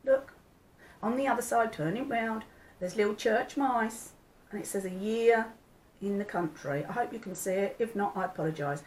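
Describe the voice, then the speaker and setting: A woman's voice: mid-range voice, normal speed, darkish tone, slight background noise, poor audio. An older woman, chatting casually to her viewers, homely and rambling. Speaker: vlogger. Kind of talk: casual chat.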